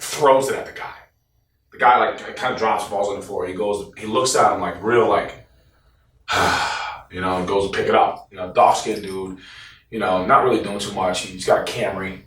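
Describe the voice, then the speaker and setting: A man's voice: lowish voice, fairly quick. A man in an interview telling a story bluntly, swearing often and acting out what others said. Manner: blunt, profane, animated retelling with quoted voices. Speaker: interviewee, former team member. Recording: roomy echo, distant from the mic.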